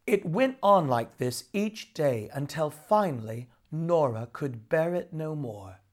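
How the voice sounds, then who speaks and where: A storyteller reading a children's storybook aloud in an expressive, unhurried way. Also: mid-range voice.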